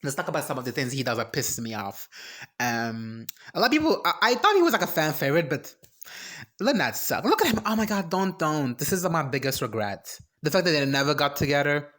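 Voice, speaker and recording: A vlogger giving an animated, exasperated reaction rant, sarcastic and emphatic, breaking into high shrieks. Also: a little fast. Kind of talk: ranting reaction commentary.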